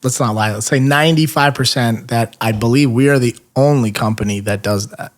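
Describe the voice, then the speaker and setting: A New man chatting as a podcast guest, modest and self-deprecating. He tells stories with animated voices for the people in them, his pitch jumping up and down. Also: a little fast. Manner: animated storyteller who acts out fan reactions; self-deprecating, many fillers and restarts. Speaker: toy figure painter, podcast guest. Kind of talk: casual podcast conversation.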